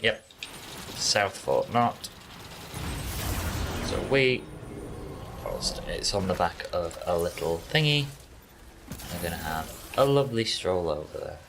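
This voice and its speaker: Deep-voiced and expressive, the man takes it slowly with long pauses, his tone fairly bright against slight background noise. He's a streamer casually talking through his gameplay, joking with his chat.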